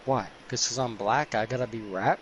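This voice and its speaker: A man's voice: medium pitch, moderate pace, close to an everyday voice. A man putting on the voice of a touchy young man who makes music, talking in slang. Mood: indignant. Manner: indignant, slangy. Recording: stadium crowd noise from the game.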